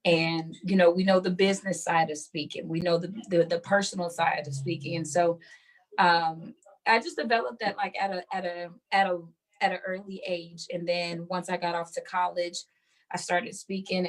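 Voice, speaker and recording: A slightly low-pitched woman speaks as an author being interviewed. She talks in an animated, chatty way, full of fillers and quick laughs. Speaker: guest author. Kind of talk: conversational interview.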